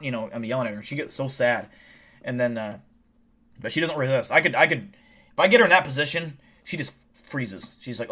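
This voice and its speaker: A man's voice: medium pitch, quick pace, sharp tone. A man hosting a livestream, tired and a bit drunk, chatting casually in a rambling, profane way with lots of restarts. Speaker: livestream host.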